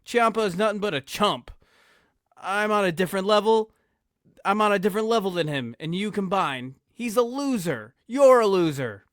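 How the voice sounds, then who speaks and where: A man's voice: high-pitched, animated, normal speed, a bit bright, no echo, studio quality, pitched above the performer's own voice. A man voicing a proud, indignant male wrestler who boasts emphatically. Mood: boastful.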